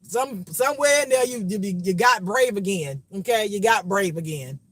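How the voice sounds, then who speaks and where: Man with a high voice, casual spiritual reader, preachy and repetitive, swears freely. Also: animated, normal speed, a bit bright. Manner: preachy, profane, repeats phrases.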